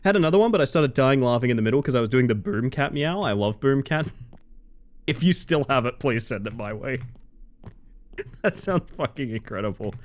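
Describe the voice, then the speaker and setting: A male game streamer talking casually to his live chat, excitable and quick to dissolve into laughter. His pitch leaps up and drops down all the time, from squeaky high bursts to low mutters, and he sits at an ordinary middle pitch for a man. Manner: excitable, breaks into laughter, chats to viewers.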